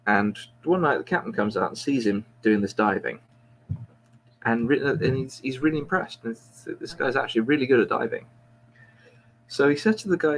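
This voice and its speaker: A man's voice: mid-range voice, expressive, normal speed, a little hiss or hum, low-quality recording. A man, a podcast host, telling a long, rambling joke with plenty of restarts and jokes at his own expense. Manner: rambling, self-mocking storyteller with frequent restarts. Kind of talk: casual joke telling among friends.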